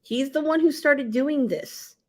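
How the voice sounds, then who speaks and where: A woman's voice: high voice, a little slow, darkish tone. A woman co-hosting a casual wrestling podcast who talks with emphasis and enthusiasm and swears freely. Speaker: podcast co-host. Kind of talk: casual chat.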